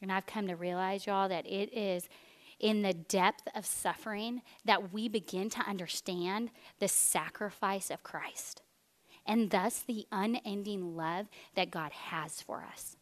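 A woman, preaching a sermon as an animated storyteller who drops to a hush for weighty points. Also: medium pitch, unhurried. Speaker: speaker.

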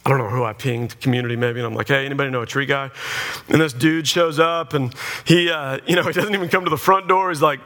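A middle-aged man, preaching to a congregation in an animated, joking storytelling style and acting out conversations. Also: on the high side, quick pace. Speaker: pastor. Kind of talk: humorous sermon storytelling. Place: church before a live audience.

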